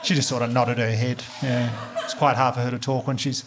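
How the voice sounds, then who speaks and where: A man with an Australian accent performing a stand-up set, telling crude stories in a dry, deadpan way. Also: medium pitch, fairly quick. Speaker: stand-up comedian. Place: comedy club stage before a live audience. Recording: loud audience laughter and noise.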